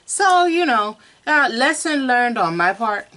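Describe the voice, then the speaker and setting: A woman's voice: fairly high pitch, sing-song, unhurried, sharp tone. A woman, co-hosting a casual chat about toy collecting, talking in a candid, self-deprecating way.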